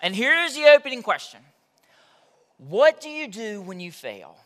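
A male preacher tells a story from the pulpit in an easy, chatty way, calling the room y'all. His voice sits high and sounds bright and forceful. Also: big pitch swings, moderate pace. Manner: conversational storytelling, addresses crowd as y'all. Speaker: pastor. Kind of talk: sermon.

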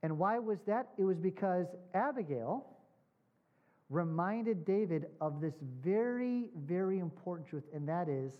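A man preaching a sermon. He asks his congregation questions, repeats points with emphasis and slows down on key words. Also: sits high, expressive. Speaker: pastor. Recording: dull lo-fi sound.

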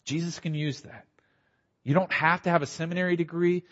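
A middle-aged man, a pastor, giving a conversational conference talk with quick asides and a slight Southern accent. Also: fairly high pitch, fairly even intonation, fairly bright tone. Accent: slight Southern American. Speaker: pastor and church planter. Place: conference hall. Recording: dull audio in a large hall.

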